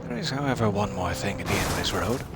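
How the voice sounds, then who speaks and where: A man's voice: on the low side, expressive, fast, over loud music. Wry, joking man doing gameplay commentary. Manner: wry, joking, self-deprecating. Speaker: let's play host.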